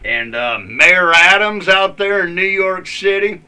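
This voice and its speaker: A man's voice: high voice, unhurried, pushed and bright, smooth. A man ranting angrily in a rambling, profane vlog with many fillers. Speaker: vlogger. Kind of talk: ranting political commentary.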